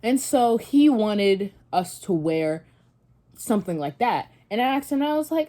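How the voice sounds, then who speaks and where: A woman's voice: mid-range voice, sing-song, unhurried, dark tone. A young woman vlogger casually retelling a story and reacting, rambling with many fillers and restarts.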